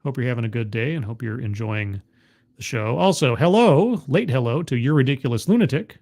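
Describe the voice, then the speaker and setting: A man's voice: medium pitch, lively intonation, a little fast, a little mellow. A man hosting a livestream, commenting on a video in a sarcastic, incredulous way with frequent stammering restarts. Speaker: livestream host reacting to a video. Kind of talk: casual commentary.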